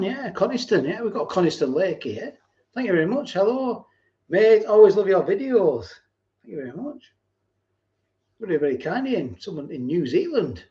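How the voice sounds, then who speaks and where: A man hosting a casual live stream, reading viewer comments and thanking them by name, sometimes dropping into low asides. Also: mellow, lo-fi sound. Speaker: host of a food channel live stream.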